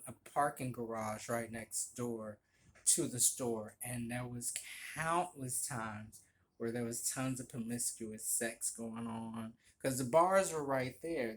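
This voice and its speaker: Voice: mid-range voice, a little hiss or hum. A former barista telling a story in a chatty, gossipy way, laughing often and swearing casually.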